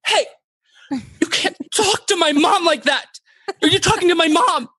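A man mimicking a young woman in a high, squealing falsetto, yelling with exaggerated outrage at a salesman. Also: expressive, measured pace, no echo, heavily acted. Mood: shrill indignant.

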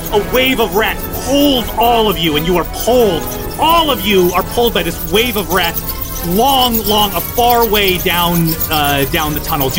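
High-voiced man narrating a tabletop game. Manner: vivid, quick descriptive narration. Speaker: game master.

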